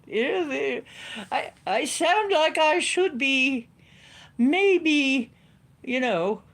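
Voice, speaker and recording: A woman's voice: high-pitched, expressive, extremely slow, voice pushed up, heavily acted. A woman putting on the voice of a prim, posh schoolmistress, with lofty, theatrical, sing-song delivery. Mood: grand, amused. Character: prim, posh female schoolmistress, grandly amused.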